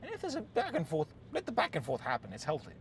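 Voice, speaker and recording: A man's voice: fairly high pitch, wildly swooping pitch, fast talker, background noise. A man giving relationship advice in an unscripted monologue, blunt and full of swearing, often checking in with a "yes?" and restarting his sentences. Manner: restarts and repeated words.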